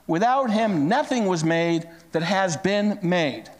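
A man's voice: slow, long reverb tail. A man preaching a sermon as pastor, telling stories with big swings in his voice. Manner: animated storytelling with big pitch swings.

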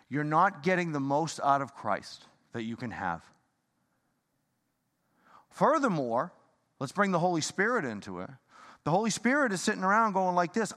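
A man preaching a sermon in a fired-up, rambling way, swinging from loud bursts to hushed talk. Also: a little high, very animated, normal speed, long pauses. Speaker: pastor. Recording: long hall reverb.

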